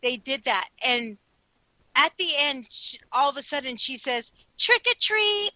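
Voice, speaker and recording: A woman co-hosting a radio show, telling stories in an animated, expressive way. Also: sits high, a little slow, no room sound, muffled recording. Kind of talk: casual chat.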